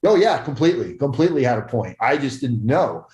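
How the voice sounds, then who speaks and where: A man's voice: medium pitch, big pitch swings, fairly quick, darkish tone. A young adult man telling a story casually as a podcast guest, swearing often and acting out the voices of others. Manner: profane, acts out others' voices. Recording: roomy echo.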